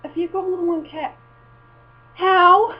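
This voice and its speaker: This home vlogger has a very high voice, a steady tone, and a slightly slow pace. She chats casually, rambling, swearing, and breaking off mid-sentence, in a dull lo-fi recording where mains hum is audible.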